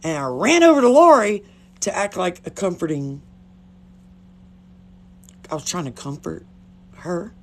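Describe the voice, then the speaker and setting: A woman's voice: lowish voice, big pitch swings, unhurried, long pauses, a little hiss or hum. A blunt, chatty woman with a drawl tells stories straight into her phone on a livestream. Her voice swings up and down expressively, and she swears without a second thought. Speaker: livestream host. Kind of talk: casual storytelling on a livestream.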